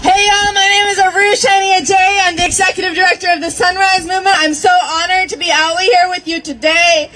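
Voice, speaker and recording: A woman from Minnesota giving an emotional, shouted speech as an activist at an outdoor protest. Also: very high voice, flat delivery, fairly quick, few pauses, rough recording. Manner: emotional, near tears, shouting. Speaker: activist speaker. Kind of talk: impassioned rally speech. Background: crowd.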